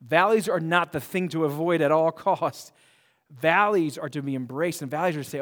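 Male pastor, slightly high voice, animated sermon with hushed and loud swings and many restarts; long church-hall reverb. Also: normal speed. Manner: repeats words and restarts often. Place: church auditorium.

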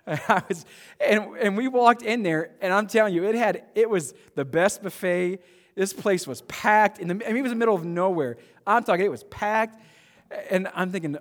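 A man's voice: sits high, animated, brisk, fairly bright tone, in a large hall. A man preaching a sermon as pastor, praying and then telling a story in a conversational way with frequent restarts.

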